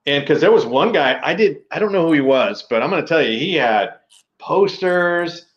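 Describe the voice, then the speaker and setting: A man's voice: a little high, animated, normal speed, dull audio. A man co-hosting a casual podcast, telling stories eagerly with lots of fillers. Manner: enthusiastic storytelling with fillers. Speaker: podcast co-host. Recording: roomy echo.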